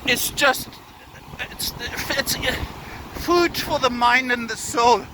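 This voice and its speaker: A man's voice: very high-pitched, takes it slowly. A man in his thirties vlogging while walking on a beach, rambling in a mock-grand, jokey, profane way and a little out of breath. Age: 30s. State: tired, slightly out of breath from walking. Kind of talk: casual walking vlog. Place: outdoors on a windy beach. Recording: wind noise over phone mic.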